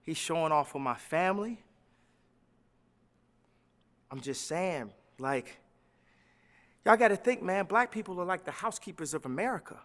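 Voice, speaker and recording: High bright-voiced guy on the radio, fired up, loud then quiet. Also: lively intonation, normal speed, pauses often, long reverb tail. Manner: impassioned, swings between loud declarations and low murmurs. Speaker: interview guest. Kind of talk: passionate radio interview talk.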